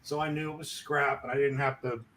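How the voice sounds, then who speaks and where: A man telling a crude work story in casual chat, acting out the shouting of his coworkers. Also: medium pitch, brisk. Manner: animated, acts out shouting coworkers.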